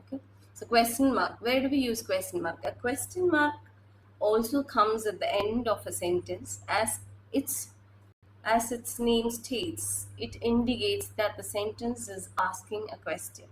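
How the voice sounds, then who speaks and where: A woman teaches a class at an unhurried pace. She hesitates often and restarts her sentences. A faint hiss of noise sits under her voice. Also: a little high, poor audio. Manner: hesitant, many fillers and restarts. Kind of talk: classroom lecture.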